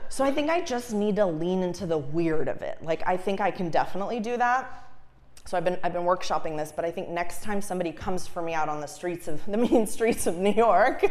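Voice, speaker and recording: A young woman from Los Angeles performing a stand-up comedy set, animated, laughing at her own jokes and shrieking her punchlines. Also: lowish voice, fast talker. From Los Angeles, USA. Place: comedy stage before a live audience.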